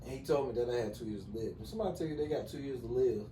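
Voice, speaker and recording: A middle-aged man telling personal stories as a podcast guest in a relaxed, casual way, often saying "you know". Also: mid-range voice, rapid-fire, a little hiss or hum. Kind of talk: casual conversation. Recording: echoey room, distant mic.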